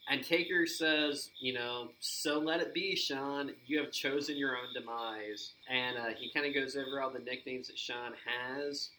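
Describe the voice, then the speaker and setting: A man co-hosting a podcast, excitedly recapping events and acting out quoted lines in casual chat. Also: medium pitch, a little slow, hardly any pauses, a little hiss or hum, low-quality recording. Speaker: podcast co-host.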